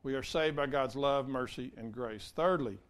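A man's voice: mid-range voice, moderate pace. A male pastor preaching a sermon in an earnest way, repeating key phrases and speaking straight to his congregation.

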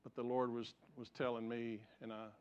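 A man preaching a sermon as pastor, telling stories earnestly and dropping from raised emphasis to hushed, quiet passages. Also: mid-range voice, little pitch movement, moderate pace, clean tone. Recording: dull lo-fi sound.

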